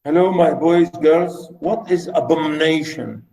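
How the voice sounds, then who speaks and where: A man's voice: fairly high pitch, unhurried, mellow, echoey room, poor audio. A man teaching literature, explaining a novel to his class with theatrical readings. He swings from mutters to exclamations. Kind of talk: class lecture with dramatic readings.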